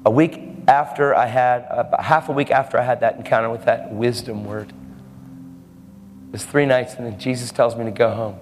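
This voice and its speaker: A man's voice: mid-range voice, fairly even intonation, normal speed, darkish tone. Emphatic male preacher in a reverberant hall. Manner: bold, emphatic, laughing asides. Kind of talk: sermon. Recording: hall reverb with faint music.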